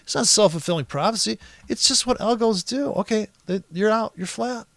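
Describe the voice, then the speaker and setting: A man with a somewhat high, gravelly voice talks through a price chart on a screen recording. He is exasperated and sarcastic, swears freely and rambles through restarts and asides. The sound is dry and close. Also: normal speed, a bit bright, dry recording.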